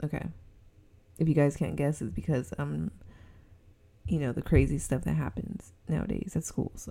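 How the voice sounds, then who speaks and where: A woman's voice: low voice, fairly even intonation, normal speed, creaky, dark tone. A woman with a Southern Californian accent, hosting a casual solo podcast at home and rambling giggly with lots of fillers; she says her voice sounds snobby. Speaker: podcast host. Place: indoors at home with a heater on.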